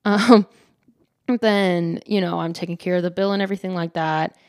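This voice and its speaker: A woman hosting her own podcast tells a story casually at a moderate pace, her fairly low voice chatty and giggly, heavy on "like" fillers. She dramatizes scenes with lively, playful quoted voices, captured in clean studio sound with no room sound.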